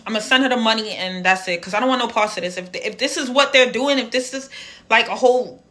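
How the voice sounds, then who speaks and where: Bright-voiced woman telling a story. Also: fairly high pitch. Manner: animated, emphatic, slangy. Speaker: vlogger telling a personal story. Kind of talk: casual storytime monologue.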